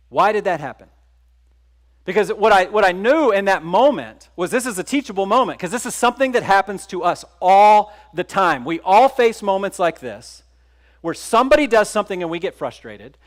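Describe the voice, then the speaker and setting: Middle-aged guy from texas doing a keynote talk, highish voice, chatty, asks the crowd stuff. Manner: conversational, asks the audience questions. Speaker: keynote speaker. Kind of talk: conference keynote storytelling. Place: conference stage.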